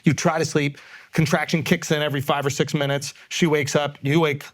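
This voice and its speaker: A man in his thirties, a podcast host, telling a story in casual, animated talk and swearing freely. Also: fairly high pitch, fairly quick.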